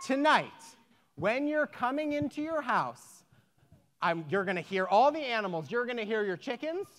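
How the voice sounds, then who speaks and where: A woman voicing a patient, wise male rabbi who speaks in a reassuring, steady way, as part of a story told aloud. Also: a little high, normal speed. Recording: echoey hall.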